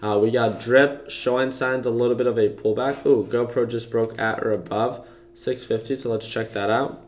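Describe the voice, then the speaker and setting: A man's voice: mid-range voice, steady tone, moderate pace, darkish tone. A young man hosting a casual trading livestream, talking loosely with lots of fillers and restarts as he walks through charts. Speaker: stock trading livestream host. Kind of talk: casual market commentary to live viewers.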